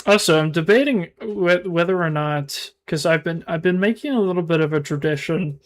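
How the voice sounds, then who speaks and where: A male streamer talking to his chat in a loose, halting ramble, often restarting his sentences. His voice sits a little high for a man. By his own account his delivery is monotone and his words are not crisply enunciated. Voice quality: mumbled, self-described monotone. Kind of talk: casual live-stream chat.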